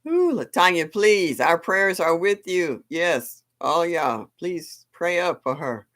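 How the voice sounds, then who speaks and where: A woman's voice: on the low side, animated, slow pace, fairly bright tone. Older woman, live-stream host, folksy, exclamatory, laughs a lot. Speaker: livestream host. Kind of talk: casual live-stream chat.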